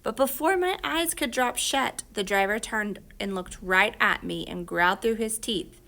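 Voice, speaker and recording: Woman reading a story out loud, gravelly, quiet and thoughtful. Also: mid-range voice, moderate pace. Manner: quiet, reflective, dropping to whispers. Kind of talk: audiobook narration.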